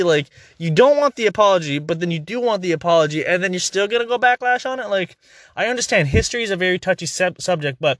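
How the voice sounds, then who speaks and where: A man's voice: sits high, big pitch swings, fast, a bit bright, dry recording, clean studio sound. A young man hosting a podcast, ranting in a heated, profane, exasperated way in casual commentary.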